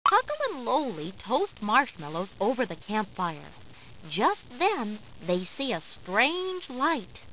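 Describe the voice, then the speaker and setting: A woman narrating a children's storybook game in a slow, clear, expressive way. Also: a little high, noisy background.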